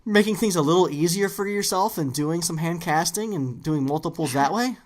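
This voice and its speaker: Low-voiced woman, enthusiastic podcast host. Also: a little fast. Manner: enthusiastic and rambling, with many fillers. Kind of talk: casual interview chat.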